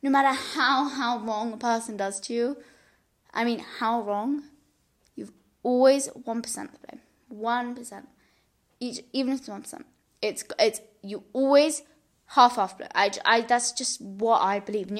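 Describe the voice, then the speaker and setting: Young female podcast host, slightly high voice, earnest chatty advice, lots of restarts. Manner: earnest, chatty, many restarts and repeated words. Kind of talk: casual advice chat.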